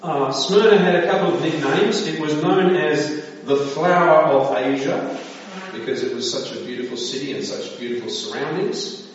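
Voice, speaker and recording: A man's voice: fairly high pitch, moderate pace, slight background noise. A man preaching to a congregation, telling a joke and asking the room questions. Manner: storytelling, asks the congregation questions. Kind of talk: sermon with a joke. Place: church hall. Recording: distant echoey hall, dull sound.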